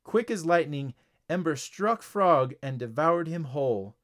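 A man reading a children's story aloud as narrator, clear and even. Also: on the high side, unhurried.

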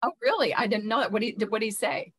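A woman speaking as a spiritual mentor talks very fast in a casual interview, her voice on the high side, fairly bright, breathy, and lively in intonation. She is earnest and loose, often repeating words while searching for how to phrase things, and the recording is rough.

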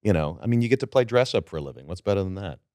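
A middle-aged man, a guest actor, telling stories from his career in a relaxed interview chat. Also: low-pitched, very fast, no room sound, studio quality.

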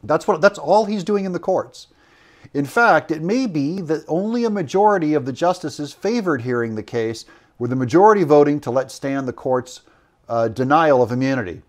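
In a played clip, a male political commentator offers opinionated remarks, rambling along with fillers and correcting himself. His fairly high voice is expressive and moves at a moderate pace.

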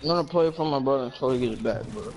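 A young man playing a shooter game, making quick callouts and rambling. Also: medium pitch, gravelly, a little mellow. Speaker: gamer. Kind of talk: casual gaming chat.

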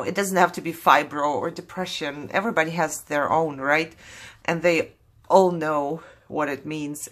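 Tearful woman, bright tone, candid and apologetic, swinging up and down. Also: sits low. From Germany. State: fighting back tears. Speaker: craft vlogger opening mail. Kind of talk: casual voice-over while opening mail.

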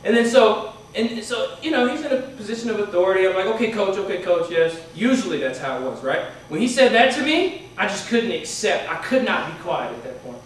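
A man's voice: high voice, sing-song, fairly quick, slight background noise. A man giving a motivational talk to students, telling a story in a chatty way and often asking "right?". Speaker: motivational speaker. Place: university hall. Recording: echoey hall from far off.

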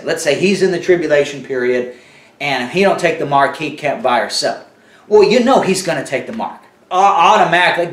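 A man's voice: a little high, echoey room, recorded from a distance. A man teaching verse by verse in a loose, conversational way, full of fillers and asides. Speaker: Bible teacher. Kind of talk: casual Bible teaching.

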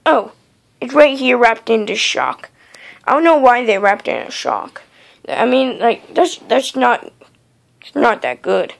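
Young woman with a gravelly voice. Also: a little high, expressive, a little slow. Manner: casual, rambling, slangy with fillers. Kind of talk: homemade voice acting of several characters.

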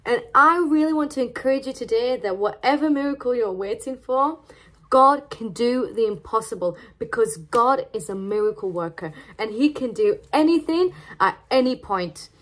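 A young adult woman from Serbia, giving a devotional talk to her church in an expressive, animated storytelling manner. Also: a little high, normal speed. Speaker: church team member and college student.

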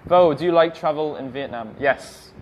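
A man's voice: a little high, normal speed, a little hiss or hum. A young English man teaching English, reading viewers' questions aloud on a livestream and answering them in a friendly, plain way. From England.

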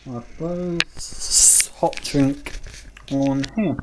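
A man's voice: mid-range voice, expressive, very slow, long pauses, heavy background noise. A British man filming a casual home vlog on a handheld camera, rambling and hesitant with lots of ums. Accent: British English. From Britain. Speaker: vlogger reviewing a coffee machine.

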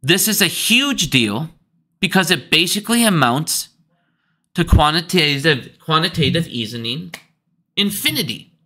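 A man's voice: on the high side, lively intonation, measured pace, pushed and bright. A man ranting heatedly about banks in a profane finance commentary vlog.

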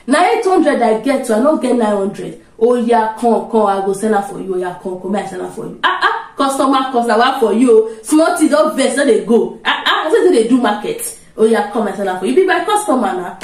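여자가 흉내 내는 높고 끈질긴 시장 토마토 장수 아주머니, 울림 있는 방. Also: female voice, lively intonation, brisk, few pauses. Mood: pleading haggle. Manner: Nigerian Pidgin market haggling, high and insistent. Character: loud pleading woman tomato seller at market. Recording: roomy, from a distance.

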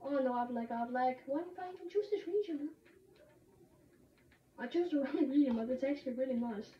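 A woman streaming a game, chatting excitably with sudden shouts and laughs. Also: sits high, a little fast. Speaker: gamer streaming a match. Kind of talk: excited gaming commentary. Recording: roomy, distant, dull lo-fi sound with faint noise.

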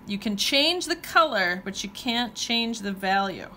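Teaching watercolor, a woman speaks a little slowly in an expressive, mid-range voice with a sharp tone. She chats casually while painting and thinks aloud with playful exclamations, with slight background noise.

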